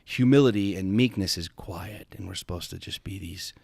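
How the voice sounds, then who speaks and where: A man with a low voice speaks on a podcast, recorded dry and close with no room sound. He tells a personal story with intensity and emphasis, swearing freely and often stumbling over repeated starts. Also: normal speed, gravelly, a little mellow, slightly rough, no echo. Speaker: podcast host.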